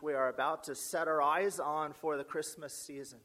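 A man preaching a sermon as pastor, measured and emphatic, building lists of repeated phrases and asking the congregation rhetorical questions. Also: on the high side, steady tone, pushed and bright.

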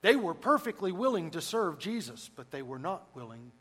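A man preaching a sermon, emphatic and swinging between loud and hushed delivery. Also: a little high, big pitch swings, moderate pace, breathy edge, low-quality recording.

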